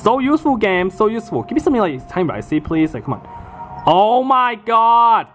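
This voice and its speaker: A man's voice: high-pitched, huge pitch swings, fairly quick, soft background music. A man giving casual commentary while he plays a video game, often exasperated, swearing and exclaiming at the game. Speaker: let's play gamer.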